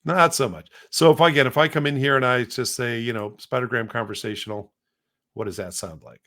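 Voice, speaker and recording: A man co-hosting a podcast, chatting casually through a software demo with lots of fillers. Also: mid-range voice, fairly quick. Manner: rambling, many fillers. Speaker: podcast co-host.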